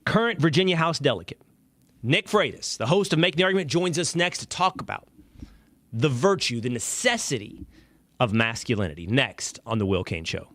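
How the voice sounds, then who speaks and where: A male show host delivering a sarcastic, animated opinion monologue. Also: medium pitch, fairly quick.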